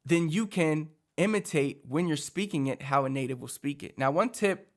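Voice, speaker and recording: A man's voice: fairly high pitch, normal speed. A man from Puerto Rico, teaching in a casual, chatty way full of fillers, as a language coach. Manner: animated, chatty, many fillers like "like".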